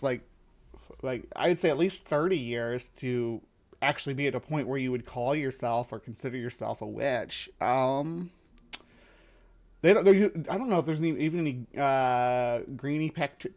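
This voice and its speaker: At a normal speed, a male livestream host from the lower Midwest of the US chats casually and rambles, full of fillers and restarts.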